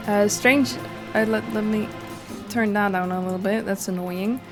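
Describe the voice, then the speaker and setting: A woman streamer with a mid-range, steady voice chats casually with viewers at a moderate pace while she plays, reading the game's dialogue aloud and laughing easily. Game music plays in the background.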